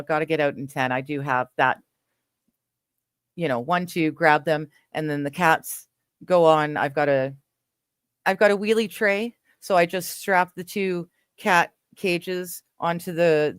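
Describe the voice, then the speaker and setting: A slow, unhurried woman from western Canada hosts a casual livestream and answers her chat in a rambling, easygoing way. Her voice is smooth and clear, set a little low, and she laughs often between thoughts. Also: no echo, studio quality. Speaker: livestream host reading chat.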